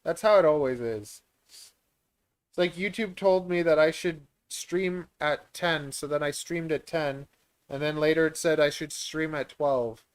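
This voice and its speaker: A man's voice: a little high, a little slow, clear, resonant tone. A man, hosting a live Q&A stream in a rambling, easygoing way. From Canada. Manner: chatty, rambling, laughs easily. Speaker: reptile breeder and stream host.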